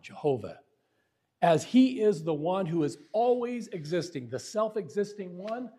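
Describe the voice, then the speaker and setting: A man with a fairly high, slightly rough voice preaches a Bible lesson about syntax. His style is emphatic and sermon-like, full of rhetorical questions aimed at the audience.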